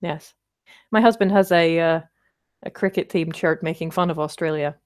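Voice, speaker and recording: A woman's voice: low voice, steady tone, moderate pace. A woman hosting a casual livestream, chatting and rambling as she answers viewer comments, with wry self-deprecating asides.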